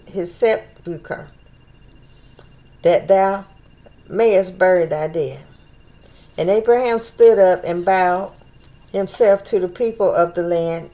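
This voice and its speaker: A woman's voice: medium pitch, slow, dark tone. A woman leading an informal Bible study, reading scripture aloud and stopping to think aloud about it, stumbling over old names and repeating phrases as she works things out.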